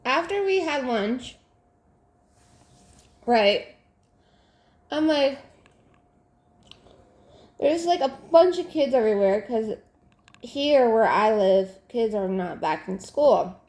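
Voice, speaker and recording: A woman's voice: on the high side, animated, slow pace, pauses often, a little mellow. Exasperated woman venting over crafts. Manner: venting, exasperated, many fillers and restarts. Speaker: crafting vlogger. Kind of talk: casual chat while crafting. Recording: roomy echo.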